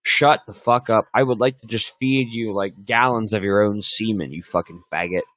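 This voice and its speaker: A young man hosting a casual talk stream, ranting crudely and heatedly and swinging between loud and muttered. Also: lowish voice, normal speed, no echo, low-quality recording. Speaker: host. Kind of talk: profane casual rant.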